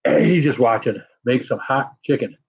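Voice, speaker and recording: Husky man blowing through chili burn. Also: mid-range voice, measured pace, lo-fi sound. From United States. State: mouth burning from hot peppers. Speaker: live-stream pepper challenge host. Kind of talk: casual live-stream chat.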